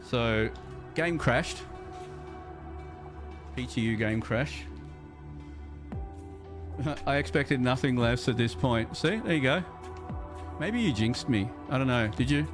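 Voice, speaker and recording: A man's voice: mid-range voice, lively intonation, slow, long pauses, music in the background. An Australian man chatting casually on a game livestream, rambling and repeating words as he thinks aloud, reading viewer chat as he plays. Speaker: streamer.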